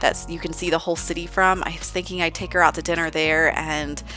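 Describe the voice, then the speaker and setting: A woman voicing an excited young man who tells his friends big news in casual bro-talk. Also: low voice, a little fast, soft background music. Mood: earnest.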